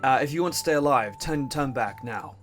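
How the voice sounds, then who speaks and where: A man voicing a young male desert warrior who is ashamed and doubts himself, read low and slow in a game let's play. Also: lively intonation, a bit bright, faint music behind, close to an everyday voice. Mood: grim.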